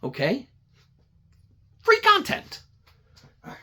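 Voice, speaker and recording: Gravelly, animated podcast ranter. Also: medium pitch, normal speed. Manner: rambling, crude, sarcastic storytelling. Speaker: podcast host. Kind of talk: profane comedic rant.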